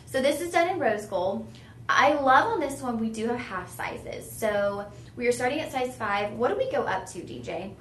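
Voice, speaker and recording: A woman's voice: on the high side, expressive, moderate pace, fairly bright tone, reverberant, slight background noise. A young woman hosting a live jewelry sales stream, chatty and gushing. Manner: gushing, chatty, says y'all a lot. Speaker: shopping channel jewelry host.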